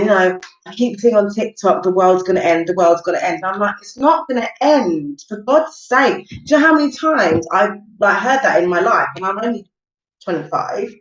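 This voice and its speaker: A woman, rambling casually through stories on a livestream. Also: fairly low pitch. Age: 30s. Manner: chatty, rambling storytelling with lots of fillers. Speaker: live-stream host. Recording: roomy, distant, dull home recording.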